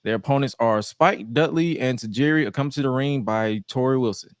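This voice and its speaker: Young guy hosting a chill podcast, lively storytelling, laughs a lot, dead dry room. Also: mid-range voice, a little fast, dry recording. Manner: animated storytelling, frequent laughs. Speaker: podcast host. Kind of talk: casual chat recapping wrestling.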